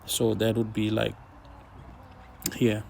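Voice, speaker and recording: Gravelly, laid-back man talking trades. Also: lowish voice, monotone, slow, darkish tone, slight background noise. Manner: laid-back, talks to himself while watching charts. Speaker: forex trader. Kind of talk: casual screen-share trading commentary.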